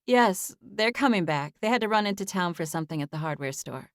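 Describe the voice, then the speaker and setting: A woman's voice: lowish voice, expressive, fairly quick, no room sound, studio quality. A woman voicing an exhausted young woman who answers politely and apologetically, in an audiobook. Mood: apologetic.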